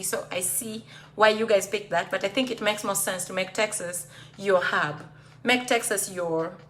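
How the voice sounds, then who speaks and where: On a casual live stream, a Kenyan-accented woman with a medium-pitched, fairly bright voice chats away with viewers. She reads their comments aloud and slips Swahili phrases into her English.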